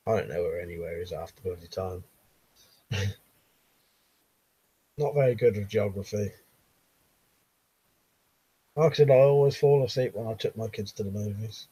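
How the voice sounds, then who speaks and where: A man's voice: fairly low pitch, moderate pace, long pauses, mellow, slightly rough, no room sound, poor audio. A man with a Southern English accent hosting a casual live stream, reading viewers' comments aloud with frequent laughs and casual swearing. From Buckinghamshire, England.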